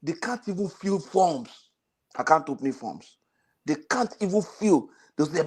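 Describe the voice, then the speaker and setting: A middle-aged man with a fairly high voice tells jokes and anecdotes on a casual panel. He laughs at his own punchlines as he goes. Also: animated, normal speed, darkish tone, husky.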